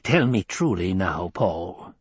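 A man's voice: sits low, very animated, slow pace, slightly rough, no room sound, heavily acted. A man voicing a stern, domineering old woman elder in an audiobook reading, with a commanding, clipped manner. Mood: probing. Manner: commanding and clipped, softening at times.

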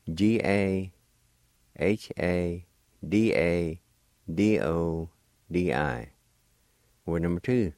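A man hosting a radio language lesson, slowly spelling out words letter by letter and pronouncing them with care. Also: low voice, a little mellow, no echo. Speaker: radio host and language teacher.

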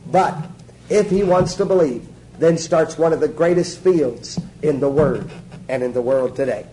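A man's voice: a little high, unhurried, warm tone, a little hiss or hum, rough recording. A man giving a sermon-style teaching to a small group, emphatic and joking, repeating his instructions.

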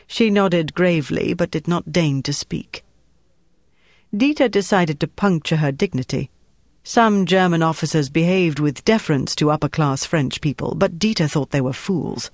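A man narrates a wartime thriller in a steady, measured storytelling voice. His voice sits a little high for a man, and the close recording is dry, with no room sound. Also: no echo. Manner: measured, even storytelling delivery. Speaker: audiobook narrator. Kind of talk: scripted narration.

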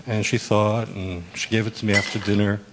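A man telling a personal story to a group in a soft, hesitant way with many pauses. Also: lowish voice, flat delivery, background noise. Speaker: workshop participant.

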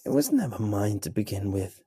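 Casting note: male narrator doing a fragile flesh creature for a horror story, creaking, barking whisper, somber. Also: lowish voice, wildly swooping pitch, normal speed, no echo, clean studio sound, heavily acted. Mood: defeated. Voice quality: harsh, creaking, barking grind. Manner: quiet, breathy whisper. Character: weak half-formed flesh creature, sorrowful.

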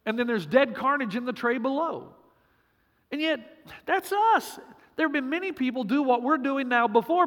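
A man's voice: very high voice, a bit bright, long reverb tail. A man preaching a sermon as pastor, punchy and joking, with emphatic repeats.

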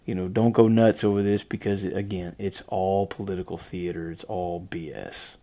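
A man's voice: deep voice, flat delivery, moderate pace, mellow. A man hosting a casual podcast chat, rambling, trailing off and laughing often. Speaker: podcast host.

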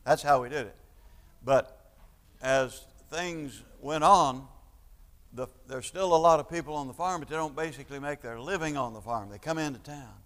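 A man preaching a sermon, stumbling over restarts and then building to loud, emphatic points. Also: a little high, moderate pace. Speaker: pastor. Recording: long church-hall reverb.

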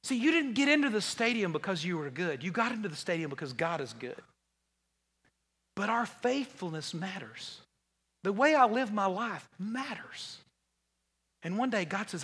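A man preaching a conversational, joking sermon, full of restarts and repeated words, and going low and quiet when he quotes Jesus. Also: sing-song, normal speed, slightly rough. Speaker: pastor. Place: large church hall. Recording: long hall reverb.

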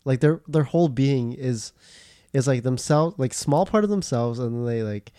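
A man's voice: medium pitch, normal speed, dark tone, no echo, clean studio sound. A young man co-hosting a podcast, rambling in casual chat with lots of fillers and restarts. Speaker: podcast co-host.

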